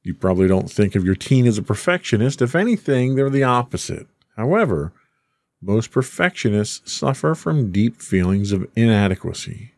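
A man's voice: fairly low pitch, sing-song, moderate pace, a little mellow, no room sound. A man hosting a podcast, reading a script aloud between teasing, casual banter with his co-host.

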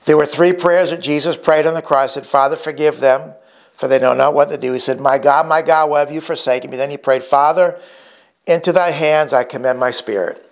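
A middle-aged male pastor preaching a sermon, emphatic and slowing down to stress key words. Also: on the high side.

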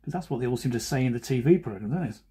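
A man talks through his drawing in a relaxed, chatty way, often making fun of himself. His voice is mellow and a little husky, and his pitch rises and falls in a lively way as he jokes. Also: very fast. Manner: joking, self-deprecating asides. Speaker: cartoonist.

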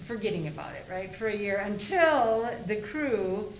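A woman in her sixties telling a lively story on a panel, acting out what people said. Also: mid-range voice, moderate pace. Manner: animated, acting out quoted dialogue. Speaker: former liaison team member. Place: museum event hall. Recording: echoey room, faint noise.

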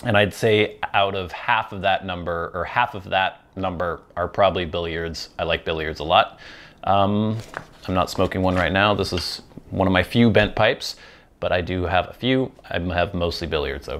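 A man from the Pacific Northwest hosting his show, chatting casually and self-deprecatingly while smoking a pipe. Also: low voice. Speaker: host.

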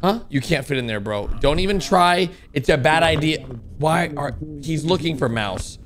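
A young man hosting a reaction video, excitable and loud, often laughing and shouting as he comments. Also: a little high, normal speed, a crowd in the background. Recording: music playing underneath.

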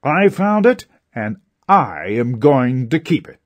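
A man's voice: medium pitch, big pitch swings, slow, no room sound, highs cut off. A man reading a storybook voices a selfish traveler who wants to keep a found purse. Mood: greedy. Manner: grabby, boastful then panicky. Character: greedy selfish male traveler.

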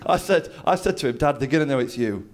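A man's voice: mid-range voice, lively intonation, fast talker. A man doing a stand-up comedy routine on stage, telling a story and acting out other people's lines. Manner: storytelling, acts out his dad's lines. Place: comedy venue with a live audience.

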